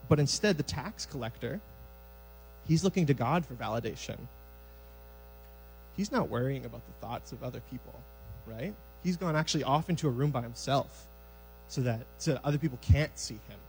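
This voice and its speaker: A man preaching a sermon in a church sanctuary, conversational and lively, acting out scenes from scripture. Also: medium pitch, normal speed, soft background music, rough recording.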